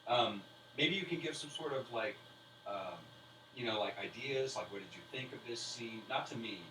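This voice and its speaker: A man's voice: medium pitch, lively intonation, normal speed, pushed and bright. A man narrating as game master, rambling with fillers and restarts. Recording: roomy, distant mic with faint hiss.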